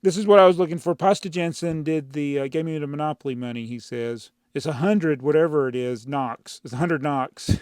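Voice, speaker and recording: Brisk and barely pausing, a man with a slightly high but darkish, clear, resonant voice answers viewer comments on his channel in casual chat. He rambles and gets exasperated, frequently laughing; the dry recording comes from a clip-on mic in a brick-built housing in his home studio.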